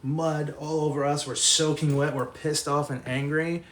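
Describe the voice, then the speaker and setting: A young man telling a long college story to a live stream chat, animated and profane, laughing as he goes. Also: fairly high pitch, moderate pace, a little hiss or hum.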